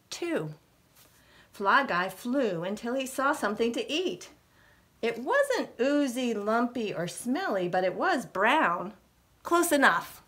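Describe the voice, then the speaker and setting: A middle-aged woman reading a picture book aloud to young children as a librarian, with slow, expressive delivery. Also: a little high. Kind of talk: children's storytime read-aloud.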